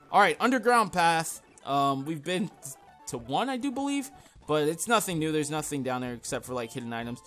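Rambling young gaming host. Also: male voice, fairly high pitch, lively intonation, a little fast, soft background music. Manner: rambling, self-deprecating, yells at the game. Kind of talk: casual game commentary.

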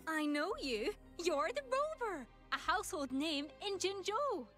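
A woman's voice: very high-pitched, big pitch swings, a little slow, a bit bright, faint music behind, full character voice. A woman voicing an upbeat young female delivery team captain in a game, friendly and chatty. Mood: cheery. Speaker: game character. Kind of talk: game voice acting.

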